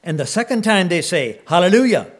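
A man's voice: mid-range voice, expressive. Man preaching, reading scripture aloud. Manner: reads scripture slowly, rising loud on praise words, then comments casually; clears his throat often.

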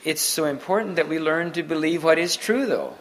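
A man giving an unscripted sermon to a Mennonite congregation, halting often and restarting his sentences. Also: fairly high pitch, low-quality recording. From Mennonite community. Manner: halting, many restarts and repeated words. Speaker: preacher.

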